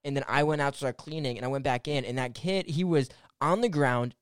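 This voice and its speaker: A man's voice: mid-range voice, a little fast, smooth, dry recording, clean studio sound. A young man casually telling a rambling story full of fillers and restarts, swearing freely. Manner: animated, swears and laughs through the story.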